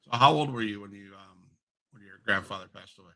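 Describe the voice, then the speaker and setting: A man's voice: fairly low pitch, quick pace, pushed and bright, rough recording. A man hosting a podcast interview, asking long rambling questions with many restarts. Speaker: podcast host. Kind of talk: interview conversation.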